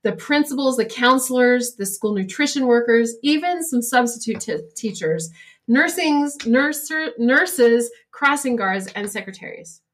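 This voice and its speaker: A woman's voice: on the high side, expressive, measured pace. A middle-aged woman co-hosting a casual podcast chat, talking freely and often laughing as she reads stories aloud. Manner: chatty, laughs while reading aloud. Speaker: podcast co-host.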